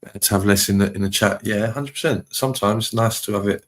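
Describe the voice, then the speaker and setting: A man, chatting casually on a live stream, reading viewer comments aloud and giving relaxed shout-outs. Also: on the low side, quick pace.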